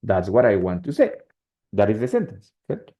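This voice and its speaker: Brief: male English teacher, native Spanish speaker, warm mellow tone, dull lo-fi call audio, keeps asking "right?". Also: lowish voice, wildly swooping pitch, a little fast. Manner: switches between English and Spanish, asks checking questions often. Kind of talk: online class explanation.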